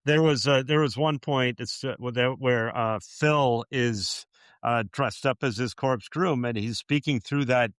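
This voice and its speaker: Male co-host, mid-pitched voice, giggly and halting, dry sound. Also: a bit bright, no echo. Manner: laughs often, hesitant with many fillers. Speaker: podcast co-host. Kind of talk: casual chat.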